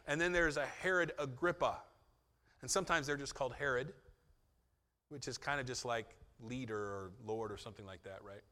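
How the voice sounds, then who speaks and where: Bright-voiced male pastor preaching casually. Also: mid-range voice, moderate pace, long reverb tail. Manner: conversational, joking asides, acts out quotes. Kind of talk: sermon.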